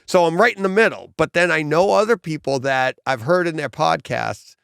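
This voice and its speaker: A man's voice: fairly high pitch, moderate pace, vocal fry, a bit bright, smooth, no room sound, studio quality. A middle-aged man with a Boston accent, hosting a podcast in rambling casual chat and laughing often. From Massachusetts. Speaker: podcast host.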